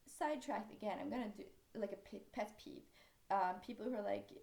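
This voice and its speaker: A young Norwegian woman with a Norwegian accent, a book vlogger, chats casually about a book, rambling with frequent sidetracks and many fillers. Her medium-pitched voice is a little fast and a little mellow, with vocal fry, recorded in an echoey room.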